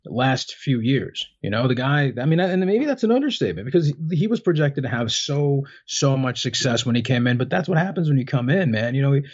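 A husky man co-hosting a casual fight-sports chat. He rambles through his analysis, full of fillers and restarts. The audio is dull and lo-fi. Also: medium pitch, big pitch swings, brisk, few pauses. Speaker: MMA podcast co-host.

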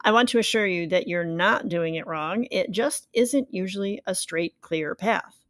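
A woman's voice: lowish voice, moderate pace, a bit bright, no room sound. A woman hosting a podcast, reading a reassuring, earnest introduction into a close mic. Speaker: podcast host.

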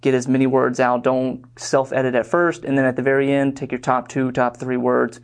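A man's voice: medium pitch, little pitch movement, moderate pace. Rambling, casual young man teaching. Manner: rambling, filler-heavy, conversational. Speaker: online course instructor. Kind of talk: casual lecture.

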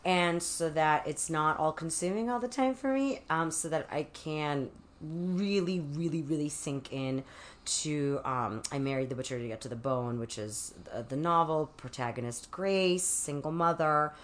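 Brief: woman in her forties, lowish voice, candid podcast guest, "like" everywhere. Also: measured pace. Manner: frank, heavy use of "like", acts out quoted voices. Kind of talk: candid interview conversation.

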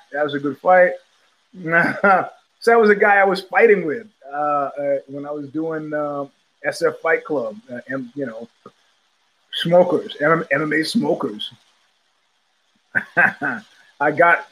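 A man's voice: fairly high pitch, fairly bright tone. Rambling older man telling stories. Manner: rambling, acts out quoted voices. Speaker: podcast host. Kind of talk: casual storytelling chat.

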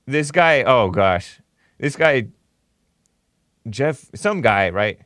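A man's voice: mid-range voice, expressive, slow, pauses often, fairly bright tone, dry recording. Mocking male talk show host. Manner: mocking, chuckles often while reading posts. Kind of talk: opinionated commentary.

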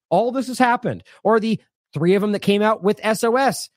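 A man's voice: sits high, fairly quick, no echo, studio quality. A man hosting an independent news show, delivering indignant, sarcastic commentary with heavy emphasis.

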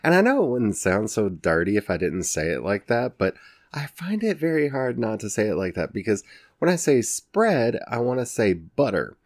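Here a man in his forties from the Ozarks, speaking in an Ozark Southern accent, runs a casual solo podcast at normal speed with a voice on the low side. He's very animated, chatty and self-mocking with frequent laughs and restarts, recorded in studio quality with no room sound.

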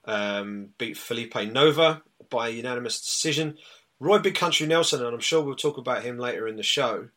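A British man co-hosting a podcast, talking through fight results in a loose, chatty way. His voice is bright and forceful, pitched in the middle for a man, and he fills his sentences with ums and uhs. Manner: chatty, rambling with many fillers. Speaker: podcast co-host. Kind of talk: casual chat, recapping results.

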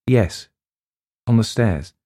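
A gentle young schoolteacher, voiced by a man reading aloud, earnest and a little hesitant. Her lines lift above his deep, mellow reading tone. The recording is close and dry. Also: lively intonation, slow pace, dry recording. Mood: shaken. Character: young woman teacher, shaken, gentle. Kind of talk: storybook reading.

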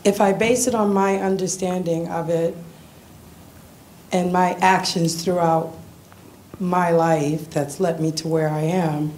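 A woman visiting a church, giving a tearful, halting personal testimony with nervous laughs. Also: on the low side, steady tone, darkish tone, a little hiss or hum.

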